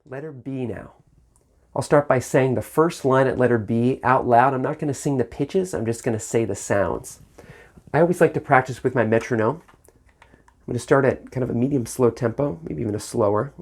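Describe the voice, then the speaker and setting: A man's voice: medium pitch, normal speed. A man teaching a saxophone lesson on video, patient and encouraging, speaking syllables aloud in rhythm to demonstrate.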